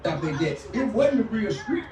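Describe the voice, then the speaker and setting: A man tells a story in a relaxed interview. His delivery is loose and drawling. He sounds distant, with a roomy echo and faint hiss around him. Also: high-pitched, normal speed. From Southern United States. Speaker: interview guest. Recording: echoey clip from a distance.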